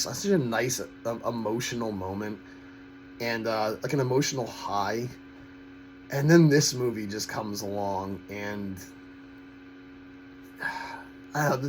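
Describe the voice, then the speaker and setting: A man talks through his film opinions in a loose, rambling way. His voice sits at an ordinary middle pitch. He stumbles over false starts and repeats himself as he makes his blunt criticisms, with faint noise behind him. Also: poor audio. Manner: halting, with frequent false starts and repeated words. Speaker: host of a film-ranking channel. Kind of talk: casual opinionated rambling review.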